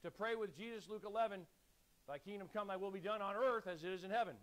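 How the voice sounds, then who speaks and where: A man preaching a sermon, urgent and exhorting, calling on the congregation to repeat lines back and clearing his throat now and then. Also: sits high, quick pace. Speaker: pastor.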